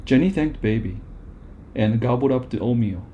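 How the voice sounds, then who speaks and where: Male storybook reader, mid pitch, mellow tone, calm delivery. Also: moderate pace, lo-fi sound. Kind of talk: reading a children's book aloud.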